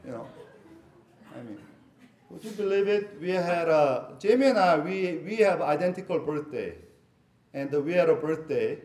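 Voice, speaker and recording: A man's voice: fairly high pitch, lively intonation, normal speed, pauses often, darkish tone. Middle-aged man preaching in an echoey room. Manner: conversational, jokey asides with laughter. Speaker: pastor. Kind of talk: sermon.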